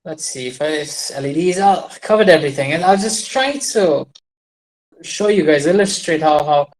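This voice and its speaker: A fairly high, slightly mellow male voice with lively intonation moves at a moderate pace on a poor recording. The man comments on farming trends in a wandering, casual monologue with a shared screen, full of restarts and self-deprecating humor.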